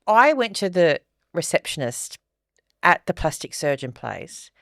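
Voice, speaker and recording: A woman in her forties, co-hosting a podcast and telling animated stories with dry humour in casual chat. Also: sits low, unhurried, vocal fry, dry recording. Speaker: podcast co-host.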